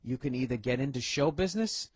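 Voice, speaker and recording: A man telling a profane story on stage as a stand-up comedian, loud and swearing, acting out the characters he talks about. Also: medium pitch, lively intonation, fast talker, slightly rough, dry recording.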